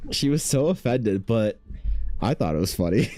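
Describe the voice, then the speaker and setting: A man in his thirties chatting casually while streaming his art, laid-back, swearing freely and mimicking people in a higher voice. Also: moderate pace, dark tone, dry recording, faint music behind. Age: 30s. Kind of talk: casual chat with chat.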